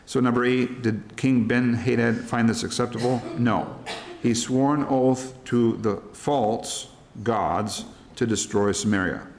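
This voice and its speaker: A man's voice: mid-range voice, measured pace, a little hiss or hum. A middle-aged American man leading a church Bible study, talking through worksheet questions in a plain, conversational way and retelling scripture in everyday words. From United States.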